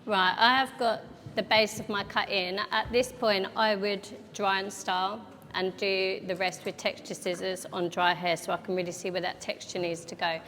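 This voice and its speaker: A woman's voice: mid-range voice, little pitch movement, normal speed, hardly any pauses, fairly bright tone. A woman hairdresser demonstrating a cut live, explaining each step as she works, in a large event hall. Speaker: hairdresser educator. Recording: echoey hall with faint background noise.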